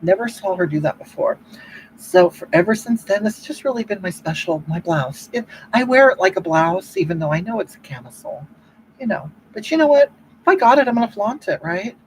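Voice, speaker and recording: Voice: animated, brisk, slight background noise, lightly acted, low-quality recording. A performer playing a self-righteous older woman who hosts a livestream, rambling and preaching about love while reading the chat. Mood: gushing. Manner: rambling, keeps repeating "you know what?", swoops up and down in pitch. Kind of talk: comedic improvised livestream monologue.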